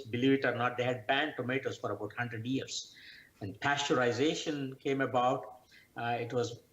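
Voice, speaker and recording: Man explaining slowly over roomy, dull audio. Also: medium pitch. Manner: measured, explanatory, with frequent "uh" pauses. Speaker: guest scientist. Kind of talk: interview answers.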